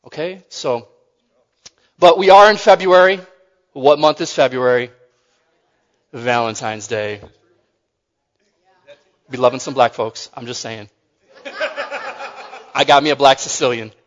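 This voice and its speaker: Joking preacher in a reverberant hall. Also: male voice, mid-range voice, unhurried, pauses often, lo-fi sound. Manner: conversational, joking, repeats and restarts phrases. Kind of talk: sermon.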